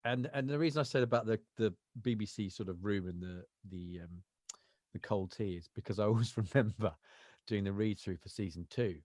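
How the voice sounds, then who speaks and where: A man's voice: on the low side, a little fast, a little mellow, no echo, clean studio sound. A man, an actor telling rambling anecdotes as a podcast guest. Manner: rambling anecdotal storytelling, lots of fillers. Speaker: actor and voiceover artist, guest. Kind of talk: casual interview chat.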